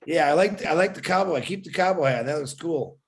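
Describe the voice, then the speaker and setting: A man's voice: on the high side, fairly quick, a little hiss or hum. A man hosting a group video call, who is jokey and teasing. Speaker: host.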